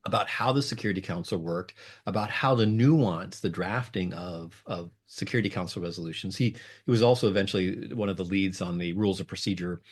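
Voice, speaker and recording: A man's voice: a little fast, husky. A middle-aged man, a lawyer and negotiator, talking as a guest in a conversational interview, with many fillers and restarts. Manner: rambling with many fillers and restarts, lively pitch jumps.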